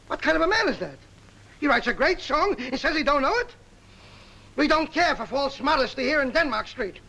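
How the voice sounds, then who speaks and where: An actor playing a brash, excitable male song publisher who talks in fast, slangy, theatrical sales patter, in a 1950s film comedy. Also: very high voice, gravelly, heavily acted, poor audio. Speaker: music publisher.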